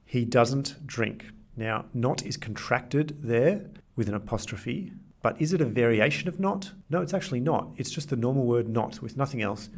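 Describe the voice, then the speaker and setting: Male teacher, gravelly edge, clear explanatory delivery, slows for examples. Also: medium pitch, expressive, a little mellow. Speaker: language teacher. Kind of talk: scripted grammar lesson.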